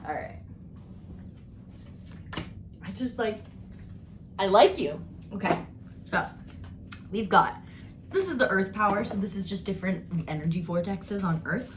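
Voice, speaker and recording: Bubbly woman tarot reader, rambling and excitable, roomy echoey sound, mid-pitched voice. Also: unhurried, long pauses, noisy background. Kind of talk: casual tarot card reading.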